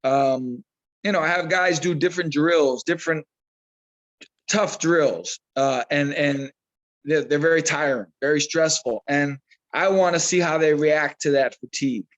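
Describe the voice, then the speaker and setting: High-voiced animated man telling stories. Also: a little slow, muffled recording. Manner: animated storyteller, repeats himself, acts out quotes. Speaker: boxing trainer. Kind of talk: casual interview talk.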